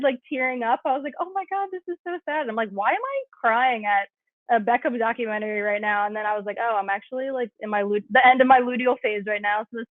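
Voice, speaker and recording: A woman's voice: a little high, no room sound. A woman guest in casual podcast conversation, talking in a chatty way with many fillers. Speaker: guest, cycle syncing coach. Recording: tinny phone-like line, dry.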